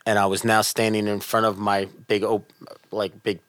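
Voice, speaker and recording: A middle-aged man telling a personal story in casual chat, animated and earnest, dropping softer at tense moments. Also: fairly low pitch, normal speed, no echo.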